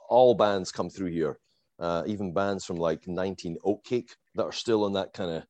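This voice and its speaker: Middle-aged guy telling a rambling story, lowish voice, super dry close sound. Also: dry recording. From moved to the United States from abroad. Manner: animated, rambling anecdote with fillers and laughs. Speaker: guest fan telling a story. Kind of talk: casual storytelling chat.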